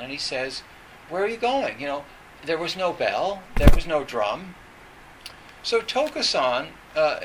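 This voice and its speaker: A man gives an informal Zen dharma talk, his voice very bright and cutting with a slightly high pitch. He meanders through his story, restarting phrases and filling gaps with "you know". Faint noise hums underneath. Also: low-quality recording.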